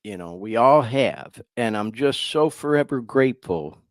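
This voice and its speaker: A man's voice: medium pitch, animated, a little slow, no room sound. A man hosting a podcast, talking casually and heartfelt, choking up as he speaks. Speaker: podcast host.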